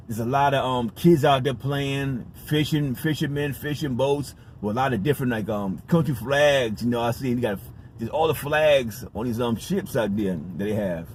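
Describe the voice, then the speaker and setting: A man from the United States, a vlogger, tells a story in a casual, rambling vlog, emphatic, profane, and repeating himself. His mid-range voice is a little mellow, and there's slight background noise.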